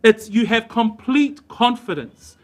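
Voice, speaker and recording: A man preaching a church sermon in an emphatic way, slowing down and stressing key words. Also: extremely high pitch, animated, fairly bright tone. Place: church service.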